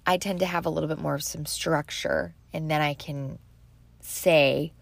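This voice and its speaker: A woman's voice: deep voice, fairly even intonation, moderate pace, vocal fry, no room sound. A woman in her thirties talking casually and rambling about faith and journaling, chatty and self-deprecating, with a slight allergy cough. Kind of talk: casual faith-based advice talk.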